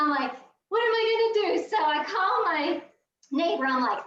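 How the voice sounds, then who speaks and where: A woman, a guest on a video call, telling a funny story in a lively way and acting out the voices. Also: very high-pitched, normal speed. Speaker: guest quilter. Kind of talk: animated storytelling. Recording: roomy, distant, dull video call audio.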